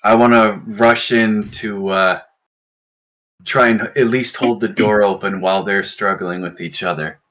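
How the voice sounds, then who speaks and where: A man's voice: on the low side, steady tone, measured pace, a bit bright. A man playing a tabletop game, eagerly explaining his moves. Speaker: player. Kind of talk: casual play chat.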